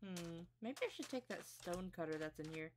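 A woman's voice: on the low side, expressive, normal speed. A woman streaming a game, chatting casually and muttering to herself as she plays, self-deprecating and easily startled. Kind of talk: casual gameplay commentary. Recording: loud background noise.

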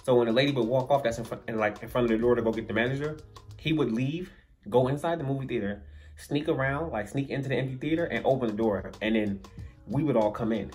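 A young man at an ordinary pitch spins a story-time tale for his viewers in loose, slangy speech. He gets animated and chuckles at his own story. Quiet music runs faintly beneath his voice. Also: fast talker. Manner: lively, slangy, laughs through the story. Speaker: storyteller vlogger. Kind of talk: casual story-time monologue.

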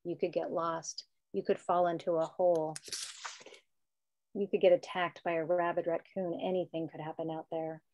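A woman's voice: on the low side, little pitch movement, moderate pace, a little mellow, dry recording, highs cut off, natural voice. A woman reading as a gloomy worrying inner voice. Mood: warning. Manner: warns darkly of terrible things. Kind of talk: author reading her book aloud.

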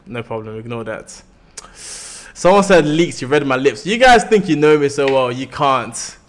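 A man's voice: medium pitch, lively intonation, moderate pace. Young London man chatting on stream. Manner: chatty, explains things loosely with lots of "like". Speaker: livestream host. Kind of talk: casual livestream chat.

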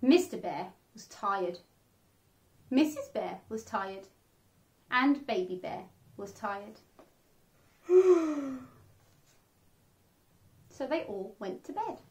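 Lively woman reading a kids' picture book. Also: mid-range voice, takes it slowly. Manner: animated, expressive storytelling with sound effects. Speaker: children's storyteller.

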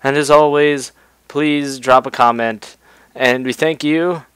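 A young man giving excitable gaming commentary, yelping and reacting to the game as he plays at his computer. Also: medium pitch, slow, clear, resonant tone, no room sound. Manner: excitable, yelps and laughs at the game. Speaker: gameplay youtuber. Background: gunfire from the game.

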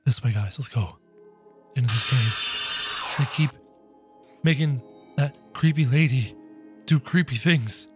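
A man doing excitable, jokey game commentary, yelping and shouting as he plays. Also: medium pitch, takes it slowly, pauses often, over music. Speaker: gaming channel host. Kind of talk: game commentary, playing in character.

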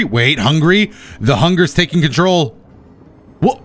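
A man streaming a game, commentating with excitement, often gasping and shouting at the creatures on screen. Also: medium pitch, normal speed, faint music behind. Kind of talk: excited let's-play commentary.

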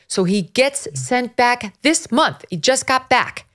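A woman hosting a podcast, telling a story in an animated way with quick asides. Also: a little high. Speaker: host. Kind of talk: casual podcast commentary.

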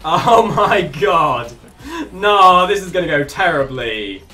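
A streamer giving excitable live commentary on a shooter game, yelping, swearing and laughing often. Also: mid-range voice, slow pace, distant mic.

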